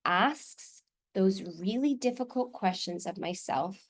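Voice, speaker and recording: A woman's voice: medium pitch, animated, slow pace. A woman presenting a live online workshop over a video call, reading out participants' responses and affirming them with frequent ums. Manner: warm, affirming, reflective, with filler ums.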